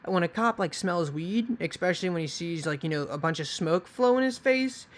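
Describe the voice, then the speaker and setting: Young dude rambling thru a storytime, kinda high voice, cussing, lots of likes and ums. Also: male voice, animated, normal speed. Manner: rambling, profane, lots of fillers and restarts. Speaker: vlogger. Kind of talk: casual storytime.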